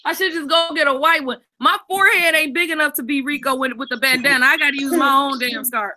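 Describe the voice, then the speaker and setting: A woman's voice: high voice, brisk, bright, forceful tone. A woman co-hosting a live stream, telling a story in a brash, profane, casual way.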